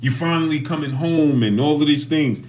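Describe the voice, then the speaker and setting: A man's voice: a little high, normal speed, darkish tone, a little hiss or hum. A man hosting a casual boxing livestream, talking animatedly and greeting chat viewers by name.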